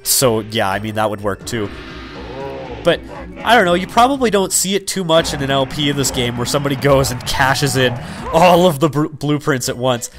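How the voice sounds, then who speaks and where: A young man chatting loosely over his gameplay, drifting from topic to topic with plenty of 'like' and 'um'. His voice sits at an ordinary middle pitch. Soft game music plays faintly behind him. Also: animated, moderate pace. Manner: rambling, full of fillers and 'like'. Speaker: let's player. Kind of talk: casual gameplay commentary.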